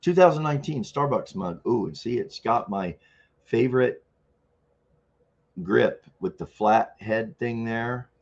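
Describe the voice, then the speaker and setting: An older man hosting a casual live-stream chat, rambling and chuckling, often clearing his throat. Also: medium pitch, expressive, a little slow, muffled recording. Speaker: livestream host.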